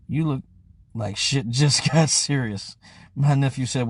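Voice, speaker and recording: A man's voice: medium pitch, slow pace, pauses often. A man in casual live-stream chat, blunt and profane.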